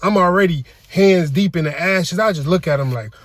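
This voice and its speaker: A man telling comic stories in a deadpan, casual slang delivery. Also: high voice, unhurried, over loud music. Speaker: comedian. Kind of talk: comedic storytelling skit.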